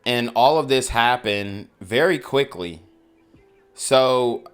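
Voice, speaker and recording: A man hosting a news commentary channel, reacting in casual talk with drawn-out exclamations. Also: mid-range voice, fairly bright tone, smooth. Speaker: host reacting to news clips.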